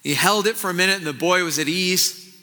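A man preaches a sermon in a high, very bright, cutting voice. He is earnest and often drops into hushed, intense passages. A long reverb trails each phrase through the hall. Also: a little fast. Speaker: pastor.

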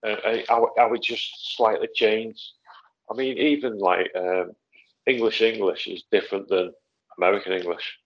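Male Kiwi guest, low-pitched and hesitant, on a dull lo-fi line. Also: steady tone, moderate pace. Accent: New Zealand. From New Zealand. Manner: hesitant and agreeable, saying "mate". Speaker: podcast guest. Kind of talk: casual podcast chat.

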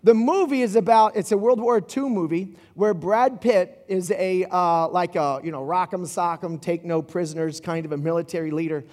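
A man giving a casual sermon in a church, retelling a film scene in an animated, rambling way. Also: high-pitched, normal speed, hardly any pauses, in a large hall. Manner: animated storytelling with asides and restarts. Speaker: pastor.

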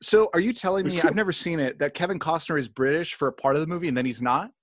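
Higher-voiced joking podcast host man. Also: fast talker, dry recording, clean studio sound. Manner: joking and animated. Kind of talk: casual chat.

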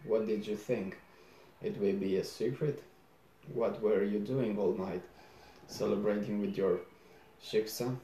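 A man reading aloud as a stern, sarcastic old father, scolding slowly and low in a roomy space. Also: steady tone, dark tone, a little hiss or hum. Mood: scornful.

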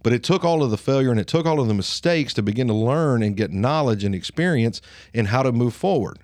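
A man in his late thirties with a Southern Alabama twang talks straight to his listeners in a reflective podcast monologue. His voice sits in a middle register and sounds dry and close. He speaks earnestly and slowly, leaning on pauses to drive his points home. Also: medium pitch, animated, a little mellow, no echo. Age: 30s. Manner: earnest, slow, pausing for emphasis. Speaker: podcast host.

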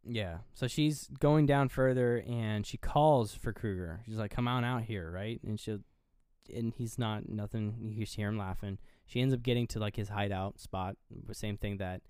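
Low, smooth-voiced man recapping a movie. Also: fairly even intonation, moderate pace, mellow, dry recording, clean studio sound. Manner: rambling, swears freely, laughs at himself. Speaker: podcast co-host.

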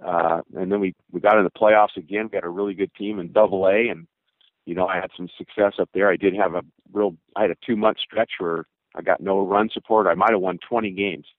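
A man in his sixties, a former baseball pitcher, telling long rambling stories in an interview and acting out old conversations. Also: steady tone, brisk, no echo. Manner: rambling, with many fillers and acted quotes. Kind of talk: storytelling interview answers. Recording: tinny phone-line sound.

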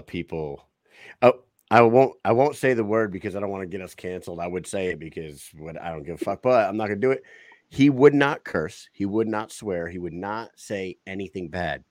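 A man's voice: deep voice, a little mellow, dry recording. A man in his forties hosting a casual podcast, telling stories with plenty of swearing and laughter. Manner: profane, laughing storyteller. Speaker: podcast host.

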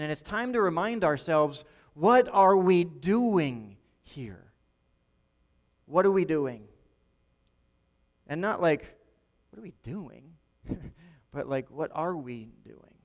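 Pastor preaching in a reverberant hall. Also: male voice, high-pitched. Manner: conversational, repeats and restarts often. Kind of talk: sermon.

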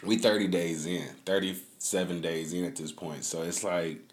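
Deep-voiced man venting casually on a podcast. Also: steady tone, normal speed. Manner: profane, rambling, venting with laughs. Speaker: podcast host. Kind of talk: casual streamed podcast talk. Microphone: phone on a stand.

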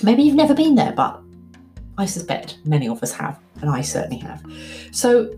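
A woman's voice: medium pitch, moderate pace, soft background music. Candid, reflective woman telling her story. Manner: candid, reflective, animated when quoting her past self. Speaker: speaker. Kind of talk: personal storytelling talk.

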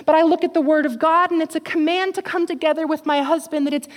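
A woman preaching a sermon with passion, swinging from fervent exhortation to quiet, intimate appeals. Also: high voice, fairly even intonation, quick pace. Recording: long hall reverb.

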